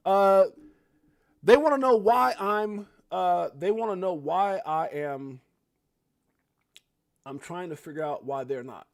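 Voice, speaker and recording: A middle-aged man hosting a crypto livestream, excitable and hyped, jumping between loud outbursts and muttered asides. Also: sits high, slow, gravelly, long pauses, dry recording, clean studio sound. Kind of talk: animated casual livestream commentary.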